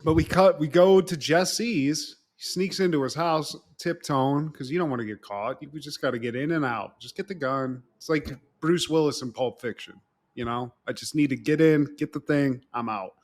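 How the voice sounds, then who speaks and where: A man co-hosts a casual podcast and retells a TV episode with lots of energy. His voice sits fairly high for a man, and he swears freely. He keeps dropping into quick impressions of the characters as he talks. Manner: animated, swearing, acts out characters' lines. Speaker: podcast co-host. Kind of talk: casual chat recapping a TV episode.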